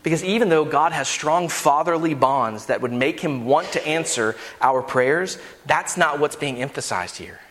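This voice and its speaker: High-voiced preaching pastor in a reverberant church. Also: male voice, normal speed, hardly any pauses, fairly bright tone. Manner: earnest, rising to emphatic preaching with playful asides. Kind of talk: sermon. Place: church sanctuary. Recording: long hall reverb.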